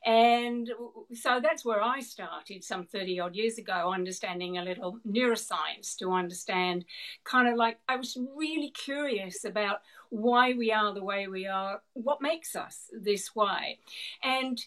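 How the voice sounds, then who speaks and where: A middle-aged woman with a New Zealand accent, a guest expert on a video call. She answers at length, in an animated way, laughing now and then and repeating words as she works out her thoughts. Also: mid-range voice, unhurried, poor audio. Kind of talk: explanatory interview answers.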